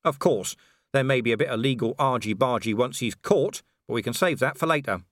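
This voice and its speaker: A man's voice: medium pitch, a little fast, a bit bright, no echo, natural voice. A man voicing a weary, dry-witted middle-aged male watch commander in an audiobook, sardonic and dry.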